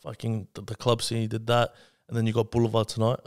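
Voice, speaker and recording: A man's voice: on the low side, monotone, quick pace, darkish tone, clean tone. A man hosting a casual podcast chat, laid-back and full of swearing and "bro". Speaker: podcast host.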